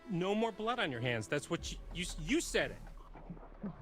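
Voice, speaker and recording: Casting: a pained, regretful small-town cop, slightly high voice with wide swings. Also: male voice, sing-song, measured pace, fairly bright tone, faint music behind, heavily acted. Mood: pleading. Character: strained small-town cop son, pleading. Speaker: police officer.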